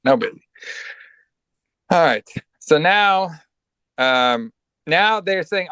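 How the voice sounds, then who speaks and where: A man's voice: on the high side, lively intonation, slow, pauses often, pushed and bright, smooth, no echo. A man co-hosting a podcast, casually recapping a movie in a rambling, profane way and acting out lines. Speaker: podcast co-host.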